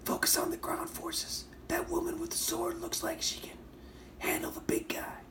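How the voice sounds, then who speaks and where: A man putting on a high, breathy whisper to voice comic-book heroes bantering in battle, a mocking whispered role-play. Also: monotone, moderate pace, far from the mic. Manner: mocking read of comic dialogue. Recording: roomy echo, faint ambience.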